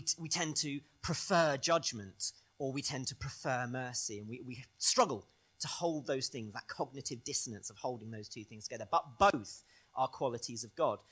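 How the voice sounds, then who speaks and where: A male pastor preaching a sermon in an animated way, swinging between loud stresses and soft, quiet phrases. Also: mid-range voice.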